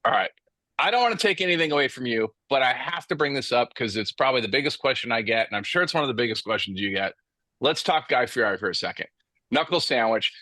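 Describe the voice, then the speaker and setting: Enthusiastic male host, animated bright voice, casual chat, dry close sound. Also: mid-range voice, quick pace, no room sound. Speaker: podcast host.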